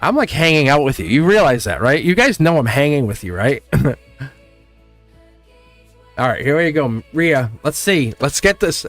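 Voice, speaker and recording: A man's voice: a little high, sing-song, moderate pace, long pauses, a bit bright, soft background music. A middle-aged man hosting a live tarot stream in casual chat, rambling, laughing often and saying "like" constantly. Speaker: tarot reader and livestream host.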